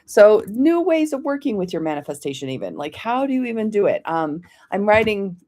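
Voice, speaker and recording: A woman hosting a live stream, reading oracle cards for viewers by name in a gentle, encouraging way and often checking in with "okay?". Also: mid-range voice, big pitch swings, fairly quick. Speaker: oracle card reader, host of a weekly live stream.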